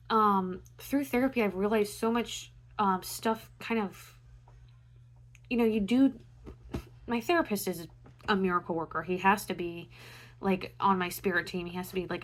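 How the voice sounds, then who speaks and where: A young woman talking to camera in a loose, reflective monologue, full of fillers and restarts. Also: medium pitch. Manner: meandering, many fillers like "um" and "you know". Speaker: astrology vlogger.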